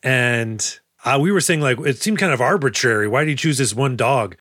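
A man's voice: medium pitch, expressive, moderate pace, a bit bright, no room sound, clean studio sound. A man co-hosting a movie podcast, chatting casually and jokily, acting out silly voices now and then. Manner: jokey, acts out silly voices for characters. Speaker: podcast co-host.

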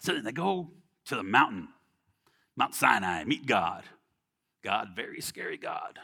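Bright, conversational male preacher. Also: mid-range voice, big pitch swings, measured pace, gravelly. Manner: conversational, frequent "right?" check-ins; acts out quoted people in voices. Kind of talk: sermon.

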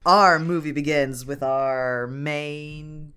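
Animated jokey podcast host. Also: mid-range voice, slow, clean tone. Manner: animated, jokey, swears a lot. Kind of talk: casual chat.

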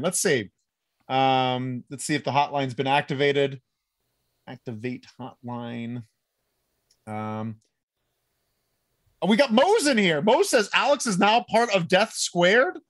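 Guy cohosting a chill show, bouncy pitch, kinda high, jokey and rambly. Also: big pitch swings, a little slow, no echo, clean studio sound. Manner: rambling, joking, lots of fillers. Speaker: podcast co-host. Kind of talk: casual chat reading live comments.

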